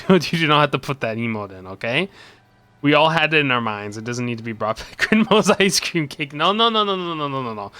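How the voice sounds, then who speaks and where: A man's voice: on the high side, expressive, a little fast, pushed and bright, no echo. A man streaming a video game, playfully rambling and bantering with his chat and laughing often.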